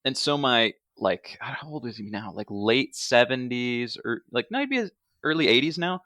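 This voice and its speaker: A man's voice: mid-range voice, normal speed, dry recording, clean studio sound. A man co-hosting a podcast, telling stories with energy and acting out the quotes. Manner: animated storyteller, acts out quotes. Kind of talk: casual podcast chat.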